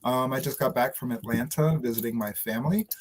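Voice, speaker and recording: Man, drag co-host, mid-pitched voice, sassy, teasing banter. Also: a little fast, a little hiss or hum, rough recording. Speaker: drag performer and regular co-host. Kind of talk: live-stream chat show banter.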